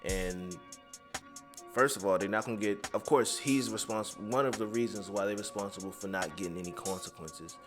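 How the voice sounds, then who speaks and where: A man's voice: lowish voice, moderate pace, over music. A man giving heated, profane commentary, rambling and drifting off his script. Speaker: commentary vlogger.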